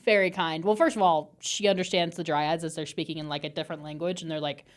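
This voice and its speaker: A woman with a somewhat low voice, chatting easily on a book podcast. She laughs a lot and talks in a loose, friendly way with her co-host. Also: steady tone, quick pace. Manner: giggly, chatty, laughs often. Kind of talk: casual book-club chat.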